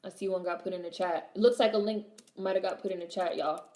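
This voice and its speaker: A woman's voice: lowish voice, quick pace, warm tone, roomy sound, a little hiss or hum. A young adult woman hosting a livestream, reading chat and chatting casually in a blunt, sassy way, swearing freely and repeating her punchlines.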